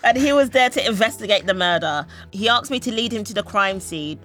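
A woman's voice: medium pitch, lively intonation, a little fast, a bit bright, soft background music. Playful woman telling a story. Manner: playful, dramatic. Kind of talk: comic storytelling on a panel show.

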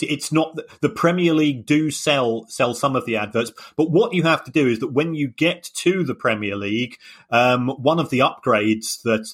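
A man's voice: medium pitch, fairly bright tone. Man explaining, stumbling over repeats. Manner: hesitant, repeats words as he explains. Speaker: podcast co-host, finance analyst. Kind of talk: casual podcast explanation.

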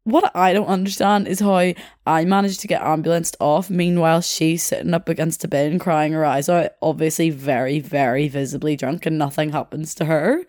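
A woman's voice: deep voice, fairly even intonation, moderate pace, a little mellow, dry recording, clean studio sound. A young woman chatting in a rambling way, telling a story and laughing as she goes. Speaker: podcast host. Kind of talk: casual storytelling.

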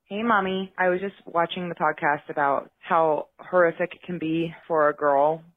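A woman's voice: low voice, steady tone, moderate pace, no echo. A woman caller telling a story in a chatty voicemail, laughing as she goes. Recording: tinny phone line.

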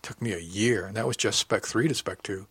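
A man performs an earnest young male crewman in an audiobook. He asks question after question in a slightly lifted, husky voice, eager and a little lost. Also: fairly low pitch, brisk, a bit bright, dry recording. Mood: impressed.

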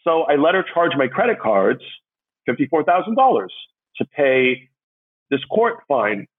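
A man's voice: big pitch swings, a little slow, slightly rough, phone-quality sound. A man animatedly telling his own story, acting out the voices of the people in it. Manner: acts out others' voices with big pitch jumps.

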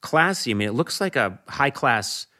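Male podcast guest, mid pitch, bright and earnest, lively storyteller. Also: moderate pace. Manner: earnest, animated storytelling with frequent restarts. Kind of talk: casual conversation.

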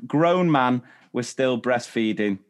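A man's voice: mid-range voice, expressive, slow, clear, resonant tone. A man in his thirties co-hosting a podcast, reading out stories and quizzing his co-host. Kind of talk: casual chat.

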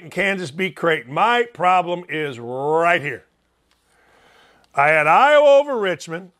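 A man's voice: high-pitched, sharp tone. A man from Northwest Indiana with a Chicago accent, delivering a blunt, brash sports talk monologue as host and mocking himself freely.

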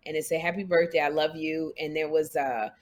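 Lower-voiced woman telling a story. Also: fairly even intonation, a little fast. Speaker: co-host. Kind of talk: casual chat.

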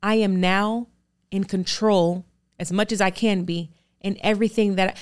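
A woman in her thirties, an actor and producer, is a candid podcast guest, speaking earnestly and with emphasis, often firing off strings of rhetorical questions. Her mid-range voice is clear and resonant, steady in tone and a little slow.

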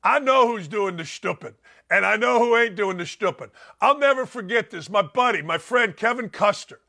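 An older man hosting a sports talk show, telling blunt, animated stories and acting out what people said. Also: high-pitched, moderate pace, vocal fry. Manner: blunt, animated storyteller who acts out quotes. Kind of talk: opinionated sports radio talk.

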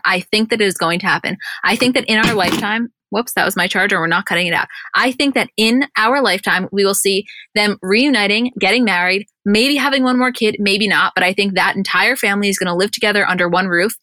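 A woman co-hosting a podcast, chatting excitedly and swearing as she retells TV scenes. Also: mid-range voice, dry recording. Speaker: podcast co-host. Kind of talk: casual chat recap.

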